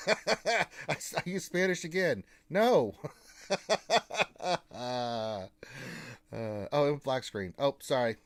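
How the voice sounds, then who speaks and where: A man co-hosting a casual live gaming stream, reading out viewer greetings and teasing them with flat refusals. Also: medium pitch, slow, pauses often, dry recording.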